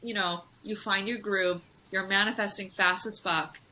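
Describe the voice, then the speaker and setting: A woman's voice: medium pitch, fairly even intonation, moderate pace, sharp tone, a little hiss or hum, rough recording. A woman chatting as a podcast guest, frank and profane, often acting out her own inner voice. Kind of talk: casual chat.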